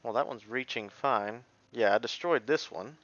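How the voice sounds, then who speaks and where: A man's voice: medium pitch, normal speed, fairly bright tone, muffled recording. A man giving casual gameplay commentary as a let's play streamer, thinking aloud and muttering half-finished sentences as he plays.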